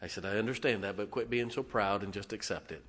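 A male pastor preaching a sermon in a folksy way, dropping to hushed tones and then rising to loud exclamations. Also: lowish voice, fast talker. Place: church sanctuary. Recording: long hall reverb.

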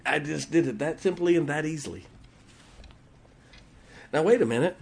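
A man's voice: a little high, moderate pace, gravelly, slight background noise. A male pastor preaching a sermon in church, telling folksy stories and laughing at his own jokes.

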